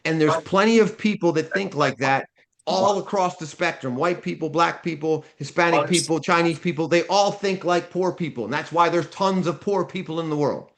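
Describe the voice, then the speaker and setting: A man's voice: on the high side, normal speed, a bit bright. A man teaching a live seminar, blunt and direct, tossing questions at the class and answering them himself. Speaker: seminar instructor.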